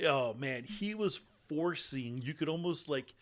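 A man's voice: on the high side, animated, takes it slowly, fairly bright tone. A man co-hosting a casual movie podcast, rambling and profane, laughing often as he talks. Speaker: podcast co-host.

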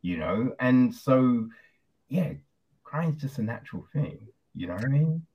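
Husky-voiced man interviewing, dull lo-fi sound. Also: mid-range voice, expressive, measured pace. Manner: loose and chatty, many fillers. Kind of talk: casual interview chat.

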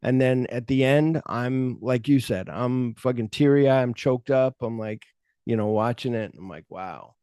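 A middle-aged man hosts a laid-back movie podcast and acts out scenes as he retells them. His voice is mellow and dark, at an ordinary pitch. The sound is dry and close. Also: normal speed, clean tone, no echo. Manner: retells scenes with quoted lines, swears freely. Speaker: podcast host. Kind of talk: casual film chat.

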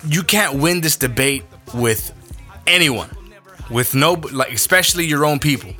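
Young guy on his podcast going off, swears nonstop, bright edgy voice, faint music behind. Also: on the high side, expressive, normal speed. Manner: profane, blunt and emphatic. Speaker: podcast host. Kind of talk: opinionated podcast rant.

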